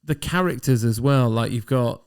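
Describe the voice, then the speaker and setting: Gravelly man chatting about films. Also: medium pitch, moderate pace. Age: 30s. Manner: chatty, rambling with restarts. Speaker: podcast co-host. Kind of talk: casual chat.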